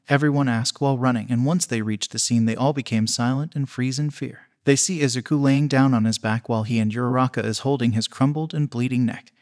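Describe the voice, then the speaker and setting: A man's voice: mid-range voice, steady tone, a little fast, few pauses, darkish tone. A man reading a fan fiction story aloud in a plain, unpolished way, voicing every character himself.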